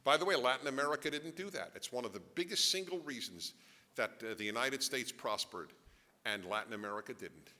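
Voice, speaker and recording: A middle-aged man giving a lecture to a live audience, animated, joking in asides and firing off rhetorical questions. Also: medium pitch, brisk. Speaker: author giving a talk. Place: large event hall. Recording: long hall reverb.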